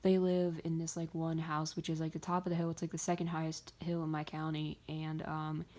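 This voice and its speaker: Young woman vlogger, low-set voice, rambly storyteller who swears a lot. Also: little pitch movement, a little fast, dark tone. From greater Pittsburgh area. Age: young adult. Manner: rambling, filler-heavy, swearing and laughing. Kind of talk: casual storytime chat.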